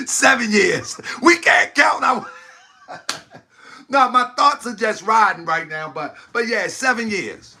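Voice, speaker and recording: High, gravelly livestream host, man. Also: expressive, slow pace, pauses often, bright, forceful tone. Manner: exclaiming, laughing often, talking to viewers. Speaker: host of an online talk channel. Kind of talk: livestream commentary to a chat.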